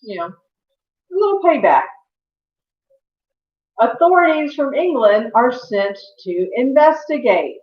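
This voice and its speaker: Woman history teacher, higher voice, chatty lecture, roomy dull recording. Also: big pitch swings, moderate pace, hardly any pauses. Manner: conversational, with fillers and self-corrections. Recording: echoey, dull lo-fi room sound.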